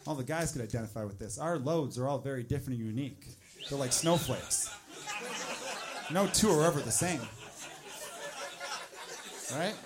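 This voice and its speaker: A man doing a stand-up comedy set, sliding into loud, mocking quoted rants. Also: medium pitch, expressive, normal speed, pauses often, a crowd in the background.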